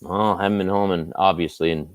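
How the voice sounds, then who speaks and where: A man with a Canadian Maritime accent, a sports anchor chatting as a guest in a relaxed, self-deprecating way. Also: deep voice, fast, no room sound. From Nova Scotia, Canada. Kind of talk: casual interview chat.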